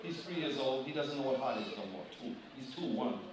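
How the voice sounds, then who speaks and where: A man preaching a sermon, addressing the congregation directly with questions in an animated manner. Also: medium pitch, brisk, very echoey, crowd noise. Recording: distant mic, loud room ambience.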